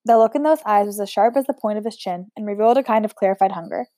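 A woman reading a novel aloud in a steady voice, with chatty asides. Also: mid-range voice, fast talker, no echo, clean studio sound. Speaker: audiobook reader.

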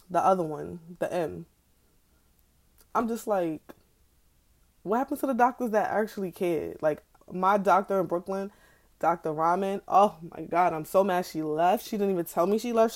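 Her voice is lowish with a darkish tone. In a laid-back personal vlog, this young woman vents frankly about things that happened to her, full of profanity, exasperation, and slang-filled tangents.

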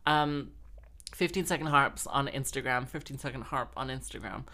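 A woman's voice: extremely low pitch, moderate pace, bright, forceful tone. A woman host rambling through a comic, self-mocking monologue, slightly tipsy and full of fillers. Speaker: podcast host and musician. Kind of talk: casual comedic monologue.

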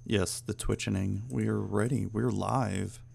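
A man co-hosting a gaming podcast in laid-back chat, reading out plugs slowly. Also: on the low side, steady tone, vocal fry, darkish tone, breathy edge. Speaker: podcast co-host.

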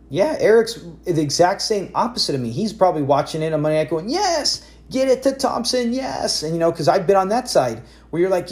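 A man in his forties hosting a casual fantasy football talk show, telling stories in an animated way with lots of self-corrections. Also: a little high. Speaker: podcast host.

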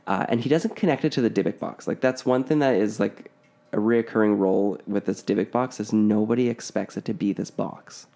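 Low gravelly man telling a story. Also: fairly quick. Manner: relaxed, filler-heavy, frequent "like". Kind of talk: casual storytelling.

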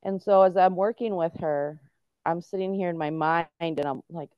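A middle-aged woman talks earnestly, explaining step by step with many restarts. Her voice sits low, and the recording is muffled and lo-fi. The sound is dry, with no room echo. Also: normal speed, clean tone. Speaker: guest, autism and veterans advocate. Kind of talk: casual interview talk.

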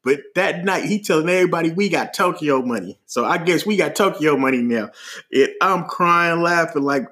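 A man from Oakland with a Bay Area accent tells a story casually on a podcast. His voice sits a bit high for a man. He talks in a lively, slangy way and laughs often as he goes. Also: moderate pace. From Oakland, California. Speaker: podcast host.

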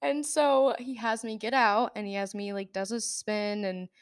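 Speaking at a normal, smooth pace with a steady tone, this podcast host is a young woman with a medium-pitched voice. The studio recording is clean and echo-free as she retells a personal story in a loose, rambling way, laughing often and leaning on fillers.

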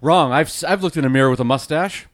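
A man's voice: fairly high pitch, quick pace, crowd noise. A man co-hosting a podcast in casual chat, joking and sarcastic, on a close mic. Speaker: podcast co-host.

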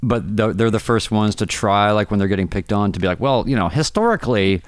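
A man hosting a podcast, asking relaxed, easygoing questions in casual interview talk. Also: fairly low pitch, fairly quick, no room sound. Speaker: podcast host.

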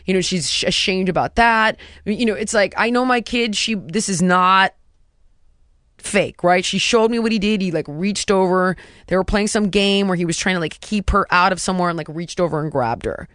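A woman in her thirties telling a personal story in casual conversation, animated and emphatic, stringing rhetorical questions and dropping to a hush for quoted words. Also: mid-range voice, moderate pace, no echo, studio quality.

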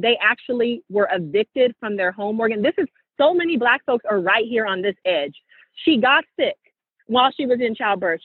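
A woman's voice: on the high side, breathy edge, dry recording. Woman host, casual preachy chat, dry close sound. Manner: animated, preachy storytelling. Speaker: podcast host. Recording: tinny phone-like sound.

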